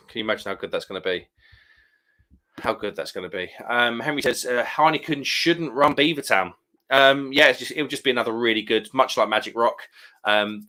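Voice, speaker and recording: A middle-aged man hosts a relaxed live stream. He reads viewer comments aloud and answers them in a casual, conversational way. His voice sits at an ordinary middle pitch. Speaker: livestream host.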